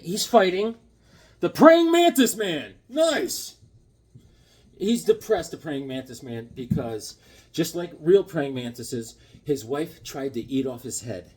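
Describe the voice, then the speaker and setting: A man casually showing off his sketches and comics in an excitable, rambling, jokey way. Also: fairly high pitch, husky. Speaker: comic book vlogger. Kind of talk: casual show-and-tell vlog.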